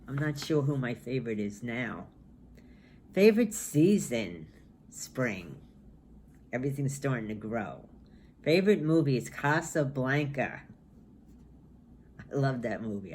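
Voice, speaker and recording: A woman's voice: very deep voice, expressive, a little slow, long pauses, a little mellow, slight background noise. A woman in her sixties, a knitting vlogger, chatting casually and musing aloud as she goes. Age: 60s. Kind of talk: casual chat.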